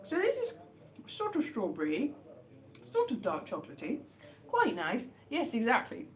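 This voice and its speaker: A woman chatting casually on a live stream as she eats chocolates, rambling with wry, deadpan jokes. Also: a little high, normal speed, a little hiss or hum. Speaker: livestream host. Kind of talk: casual live chat while eating chocolates.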